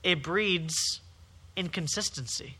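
A man preaching an emphatic, repetitive sermon, swinging between forceful calls and quieter stretches. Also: high-pitched, slow, husky. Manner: emphatic, repetitive preaching with rising and falling intensity.

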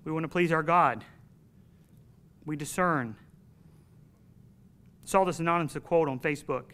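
A man's voice: fairly high pitch, a little slow, long pauses, fairly bright tone. A man preaching a sermon to his congregation in an earnest, emphatic way, telling a personal story.

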